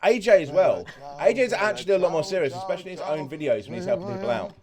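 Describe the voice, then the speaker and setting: A lively man with a slightly high voice that leaps up and down as he reacts. He thinks out loud, curses freely, and bursts into exclamations in casual reaction commentary. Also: racing, crowd noise. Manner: excitable, swears a lot, thinks out loud. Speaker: reaction video host.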